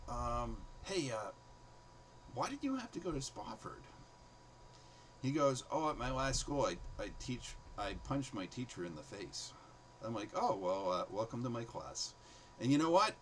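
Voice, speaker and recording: An unhurried man with a medium-pitched voice, recorded roughly with slight background noise. A former teacher, he chats casually about his time in the classroom, bringing the students' quoted lines to life in an animated way.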